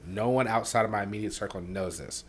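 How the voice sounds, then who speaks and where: A man hosting a podcast, telling his own painful story candidly, halting with many fillers and dropping quiet on the hardest parts. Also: a little hiss or hum. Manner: softens and drops low on painful parts. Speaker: podcast host.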